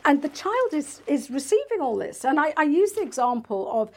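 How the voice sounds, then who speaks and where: A woman's voice: high-pitched, sing-song, moderate pace, a little mellow. A woman talking casually in an interview, acting out quoted voices of parents and children. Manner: chatty, acts out quoted voices of parents and kids. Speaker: guest, NLP practitioner and author.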